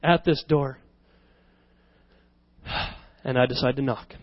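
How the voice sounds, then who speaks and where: A man preaching a sermon to his church, telling a personal story as an animated storyteller who often laughs at himself. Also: mid-range voice, takes it slowly, no room sound. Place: church service. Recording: slightly dull recording with worship music behind.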